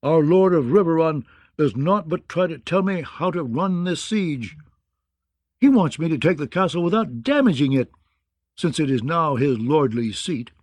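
A man voicing a gruff, bawdy, blustering male knight in an audiobook, with a mocking, growling manner. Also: on the high side, animated, moderate pace, no echo, pitched above the performer's own voice. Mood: grumbling. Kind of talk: audiobook character voice.

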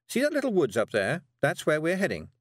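A man putting on a brisk, prim witch woman. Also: fairly high pitch, huge pitch swings, no room sound, clean studio sound, pitched above the performer's own voice. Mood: hushed urgent. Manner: prim, clipped, insisting she is never worried. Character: brisk, nervous adult female witch. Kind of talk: audiobook character voice.

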